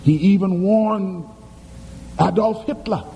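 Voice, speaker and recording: A man's voice: high voice, slow pace, warm tone, a little hiss or hum. A man preaching a sermon in a church, with emphatic, dramatic storytelling and questions thrown to the congregation. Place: church sanctuary. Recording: long hall reverb, faint ambience.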